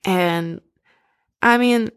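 A young woman tells a story in a casual, animated way, slipping into little voices for the characters. Her voice carries a gravelly creak at the ends of phrases, sitting at an ordinary middle pitch. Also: drawn-out words. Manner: animated, acts out characters in quoted voices, frequent "like" and laughter. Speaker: storyteller recapping an opera. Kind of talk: casual chat.

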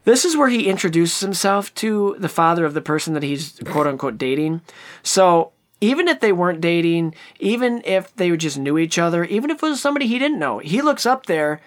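A podcast co-host giving casual movie commentary in a sarcastic, profane and animated way. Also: mid-range voice, a little fast.

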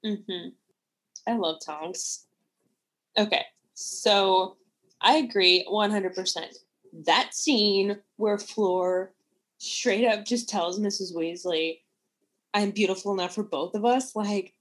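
A woman co-hosting a casual book-talk show, enthusiastic and quick to laugh as she gives her opinions. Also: mid-range voice. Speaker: podcast co-host.

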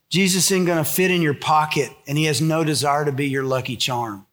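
High pitched guy preaching, emphatic, tells lots of stories. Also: a bit bright. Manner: emphatic, storytelling. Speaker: pastor. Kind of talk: sermon.

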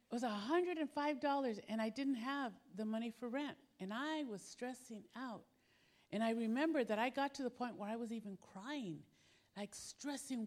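A middle-aged woman from the Philippines delivers a sermon in a high, bright-toned voice. She tells personal stories with animated energy, playing out her own stress and impatience in quoted asides. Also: unhurried. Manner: animated storytelling, acting out her own panic. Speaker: preacher.

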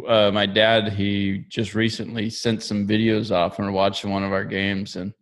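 A man's voice: on the low side, level tone, measured pace. A man co-hosting a podcast, telling rambling stories and laughing often in casual chat. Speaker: co-host.

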